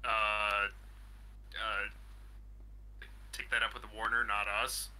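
A man's voice: fairly low pitch, little pitch movement, moderate pace, bright, forceful tone, clear, resonant tone, pitched below the performer's own voice, poor audio. A man voicing a flustered male phone support worker who stammers and then mocks the caller, in an improvised prank-call role-play. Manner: hesitant, stammering, then mocking.

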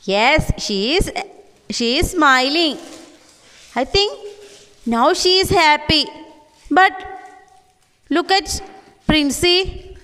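A woman's voice: high-pitched, animated, very slow, long pauses, bright, forceful tone. A woman kindergarten teacher with an Indian English accent who talks to small children in short, simple sentences and repeats her questions. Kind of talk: online class for young children. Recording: reverberant room.

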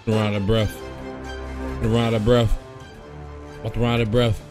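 A young man playing a horror game and commenting, often yelling and swearing at the game. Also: fairly low pitch, level tone, moderate pace, faint music behind. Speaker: gaming streamer. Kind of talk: gameplay commentary.

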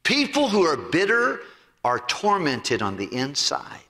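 A man's voice: fairly high pitch, measured pace. A man preaching a sermon as pastor, telling a parable and acting out its voices. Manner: animated storytelling, acts out the parable's voices. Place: church sanctuary. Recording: church sanctuary with long reverb.

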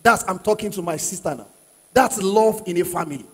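Male pastor with a husky, high voice, preaching emphatically to a congregation; sound carries a long hall reverb. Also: a little fast, fairly bright tone. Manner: asks the congregation questions and prods them to answer; emphatic, repeats key phrases. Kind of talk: sermon. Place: church hall with live congregation.

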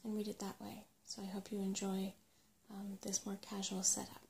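A woman reading a bedtime story aloud in a hushed ASMR voice, curled up on a sofa at home. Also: medium pitch, completely flat delivery, moderate pace, creaky, noisy background. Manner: hushed, slipping into whisper.

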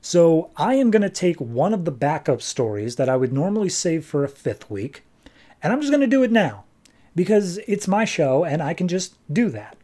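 A man's voice: fairly high pitch, very animated, moderate pace, dark tone. A man hosting a podcast, casually recapping a comic issue in a jokey, wry way. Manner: jokey, wry, acts out quotes. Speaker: podcast host.

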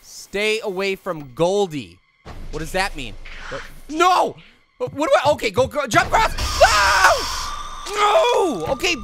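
A man voicing a hyper, wisecracking male cartoon fruit who excitedly comments on a video game, repeating himself and yelping at scares. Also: normal speed, over music. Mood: indignant. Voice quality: high, gravelly voice. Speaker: let's play commentator. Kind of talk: let's play commentary.

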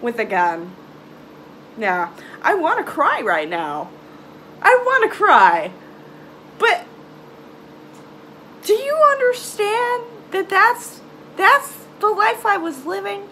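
High, animated young woman vlogger. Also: a little hiss or hum. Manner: halting, emotional, trails off into sighs and nervous laughs. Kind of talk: confessional storytime vlog.

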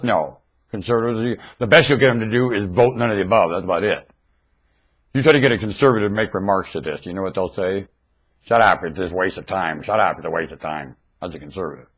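A man in a rambling webcam monologue, veering between high shouts and low mutters, recorded on a webcam microphone at home. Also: slightly rough. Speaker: vlogger.

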